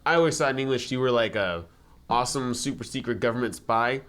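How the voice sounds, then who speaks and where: A man's voice: mid-range voice, a bit bright. A man co-hosting a casual film podcast, rambling and joking at his own expense. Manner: rambling, self-deprecating, quick asides. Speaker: podcast co-host. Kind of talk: casual chat.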